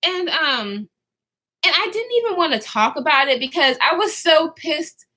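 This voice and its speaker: A young woman chats straight to her viewers in a high, bright voice that swoops up and down as she tells her story. She talks casually and slangily, swears freely, and often breaks off mid-sentence to start again. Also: normal speed. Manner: animated, slangy, swears freely, trails off and restarts. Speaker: vlogger telling a story.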